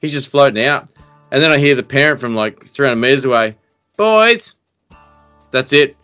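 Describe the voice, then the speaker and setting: A man's voice: medium pitch, fast, pushed and bright, faint music behind. An Australian man hosting a casual podcast chat, telling stories with many restarts and fillers. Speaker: podcast host.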